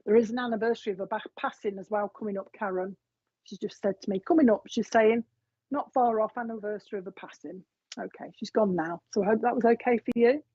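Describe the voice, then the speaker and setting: Husky woman, chatty psychic medium. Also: mid-range voice, fast, warm tone, no echo. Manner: chatty, relays spirit messages. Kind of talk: live reading on a streamed show. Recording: dull, lo-fi stream audio.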